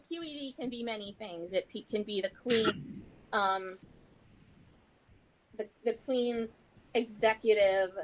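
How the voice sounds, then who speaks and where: A woman's voice: medium pitch, low-quality recording. A woman as a podcast guest, chatting in a rambling, self-deprecating way. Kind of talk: casual chat.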